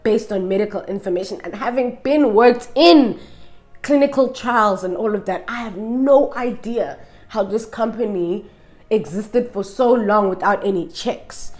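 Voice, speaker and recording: A woman's voice: medium pitch, unhurried, darkish tone. A woman vlogger giving an opinionated casual review, sassy and emphatic, full of rhetorical questions.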